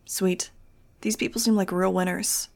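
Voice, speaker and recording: A woman voicing a bold, snarky teenage girl with a husky voice. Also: medium pitch, fairly even intonation, measured pace, darkish tone.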